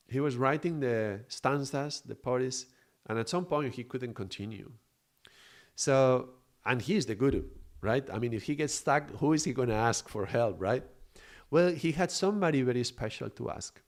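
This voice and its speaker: A man giving a live spiritual teaching, explaining patiently, often searching for words and checking in with his listeners. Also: medium pitch. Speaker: Kundalini yoga teacher.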